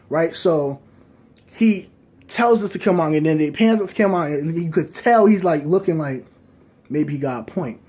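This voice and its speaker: A man's voice: a little high, normal speed, darkish tone, slightly rough. A man reviewing movies, rambling through casual fan speculation and often checking in with his listeners. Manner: rambling, keeps asking "right?" and hedging.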